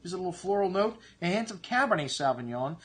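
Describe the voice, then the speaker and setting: Male wine-shop host, slightly high voice, casual and chatty as he walks through tasting notes. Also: big pitch swings, quick pace, a little hiss or hum. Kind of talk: casual wine review to camera.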